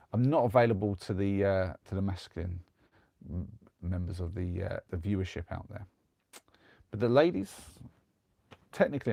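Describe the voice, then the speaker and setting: A man's voice: low-pitched, vocal fry, mellow, dry recording, studio quality. A young man streaming live from a converted van, telling a rambling story with many restarts. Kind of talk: casual chat and storytelling.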